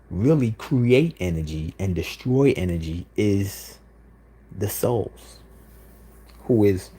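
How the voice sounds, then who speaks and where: Low husky-voiced man preaching on a livestream. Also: dark tone. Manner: insistent, repetitive, peppered with "you know what I'm saying". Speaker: livestream host.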